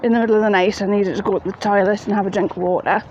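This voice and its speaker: A woman's voice: mid-range voice, steady tone, racing, a little mellow, lo-fi sound. A woman telling a ghost story in a chatty, plain-spoken way, outdoors at night in the rain. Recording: faint rain noise behind.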